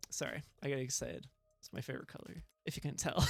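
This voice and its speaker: A woman streaming a game, talking casually and gushing excitedly, with squeals and swearing. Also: a bass voice, fast talker, creaky, dry recording, clean studio sound, soft background music.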